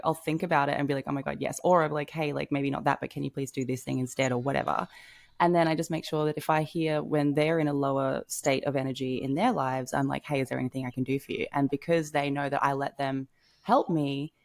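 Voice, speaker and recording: A young woman with a notably low voice talks effusively on a podcast, laughing often and swearing casually. The sound is dry and close, with no room echo. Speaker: podcast co-host. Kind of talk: casual chat.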